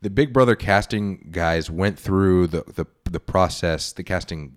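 A podcast host chats casually in a very low, deep voice. He is wry and relaxed. He swears offhandedly as he reacts to what his co-host says. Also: measured pace. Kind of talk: casual chat.

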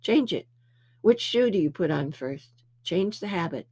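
A woman voicing a calm, lecturing male spirit guide. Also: lowish voice, a little slow, gravelly, slightly rough, full character voice. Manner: patient, instructive, gently scolding.

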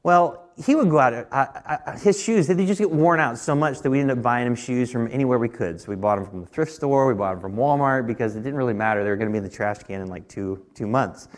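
A man's voice: fast, few pauses. A man in his thirties preaching at a midweek church service, telling a personal story in a conversational way and often restarting his words. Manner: rises in pitch and force when pressing a point. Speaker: pastor. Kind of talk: sermon.

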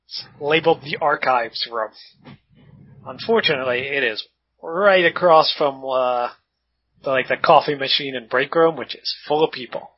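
A man's voice: medium pitch, normal speed, slightly rough. A man narrating a tabletop game as game master, describing scenes in a laid-back, matter-of-fact way. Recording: dull lo-fi sound.

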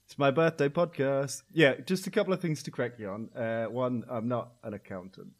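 Man from Scotland, mid-pitched voice, dry and understated, casual podcast banter. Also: steady tone, a little fast. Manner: dry, soft-spoken, understated. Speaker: podcast co-host. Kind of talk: casual comedic chat.

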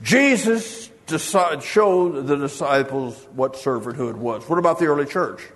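A preacher with a high voice delivers a sermon, spinning funny stories and slipping into the voices of the people he quotes. The sound hangs in the long reverb of a large church hall. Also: lively intonation, a little slow, a bit bright. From United States. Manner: storytelling with humor, acting out quoted voices. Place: church sanctuary.

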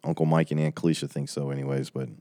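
Bible study teacher, man, forties, very deep, dry close sound, chatty and emotional. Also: little pitch movement, fast, warm tone, no room sound. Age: 40s. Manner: chatty, reading out viewer comments. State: tearing up. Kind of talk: casual livestream Bible study wrap-up.

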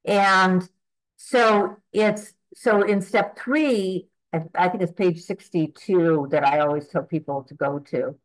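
An eighty-year-old woman tells her own story at a recovery meeting. She speaks in a fairly low voice for a woman, earnest and rambling, and keeps restarting her sentences. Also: slow pace, rough recording. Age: 80s. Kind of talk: personal testimony at a twelve-step meeting.

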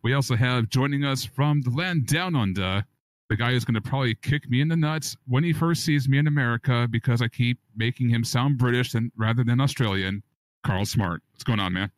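Male podcast host, playful and teasing, mid pitch, dead-dry sound. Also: fairly quick, dry recording. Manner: playful, teasing, hype-style introductions. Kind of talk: casual gaming podcast chat.

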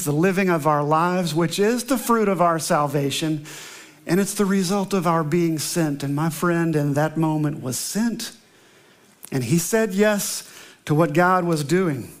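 High-voiced earnest male pastor. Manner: earnest storytelling, emphatic slow repetitions. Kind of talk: sermon with opening prayer.

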